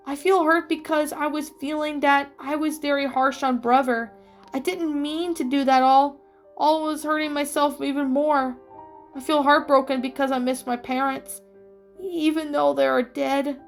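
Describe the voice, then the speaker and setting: A woman voicing a grieving young woman who survived a zombie outbreak, speaking softly and tearfully in a read-aloud story. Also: high-pitched. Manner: tearful, soft-spoken.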